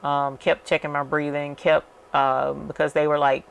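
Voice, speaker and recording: A woman's voice: deep voice, level tone, moderate pace, creaky, clean tone. A woman hosting a crafting channel, telling a story in a chatty, casual way and calling her viewers y'all. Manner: chatty, addresses viewers as y'all, many fillers. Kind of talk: casual storytelling while working.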